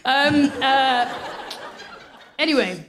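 A woman's voice: high-pitched, animated, very slow, fairly bright tone. A woman co-hosting a live comedy podcast on a theatre stage, telling wry, laughing anecdotes. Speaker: podcast co-host. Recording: live theatre recording with crowd noise.

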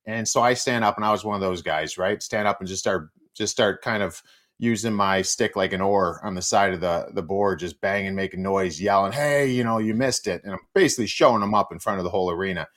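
Low-voiced guy, 40s, telling animated hockey stories, voices the quotes with big jumps. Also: fast talker. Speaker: guest, former hockey player. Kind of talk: casual storytelling chat.

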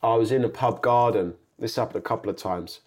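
A young adult man, an actor guest on an interview podcast, telling stories in a rambling, animated way. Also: fairly low pitch, fairly quick. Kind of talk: casual interview chat.

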